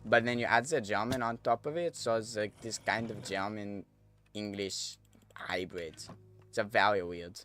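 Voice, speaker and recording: A man's voice: lowish voice, normal speed, fairly bright tone, soft background music. A man streaming a game, chatting casually to viewers as he thinks aloud and corrects himself. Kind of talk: casual gameplay commentary.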